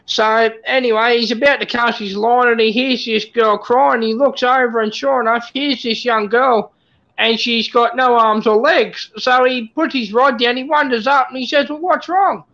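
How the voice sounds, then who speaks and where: Give me a gravelly, bright voice telling jokes. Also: mid-range voice, steady tone, normal speed. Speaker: guest on livestream. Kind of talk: casual joke telling. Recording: lo-fi stream audio.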